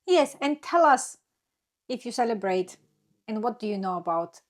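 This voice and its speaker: Woman, high voice, vlog host, chatty, asks short questions. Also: very animated, normal speed. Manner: laughs often, prompts with short questions. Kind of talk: casual chat.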